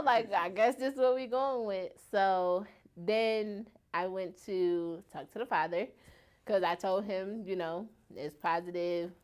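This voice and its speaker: A woman guest in an interview, telling a personal story and acting out other people's words in a much higher voice. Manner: animated, acts out quoted voices much higher.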